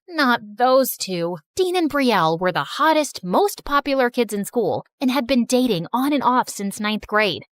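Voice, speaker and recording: A woman narrating a first-person animated story in a chatty, wry way. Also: fairly high pitch, dry recording.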